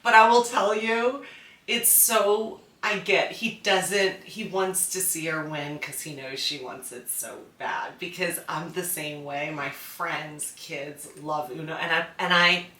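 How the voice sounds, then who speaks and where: Lower-voiced woman, laughing often, echoey. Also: steady tone, slow, bright, forceful tone, recorded from a distance. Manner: laughs often, searches for words. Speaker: podcast co-host. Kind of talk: casual chat. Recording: echoey room, off-mic.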